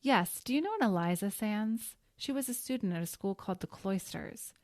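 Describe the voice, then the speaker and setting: A woman's voice: mid-range voice, lively intonation, moderate pace, a little mellow, no room sound, clean studio sound, voice pushed up, lightly acted. A woman voicing a sardonic, bold teenage schoolgirl who fakes being a reporter. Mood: mock-official.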